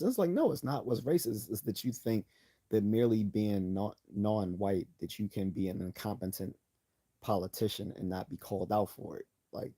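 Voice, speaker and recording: Male streamer, low and dark-toned, casual rambling commentary over an article. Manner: chatty, self-interrupting, opinionated asides. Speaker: live stream host.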